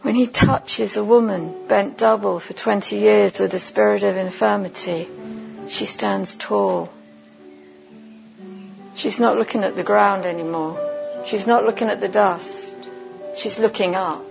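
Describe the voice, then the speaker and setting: A woman giving a sermon at a conference, leading listeners through a vivid imagined story in a slow, deliberate second-person voice. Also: mid-range voice, fairly even intonation, creaky, a little mellow, soft background music, rough recording. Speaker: conference speaker.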